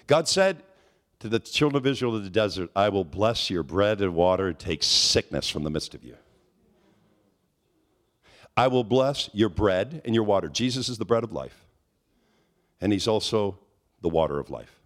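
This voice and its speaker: A man preaching a charismatic sermon, telling stories with animated swings and climbing to high, near-shouted peaks. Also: moderate pace, pauses often.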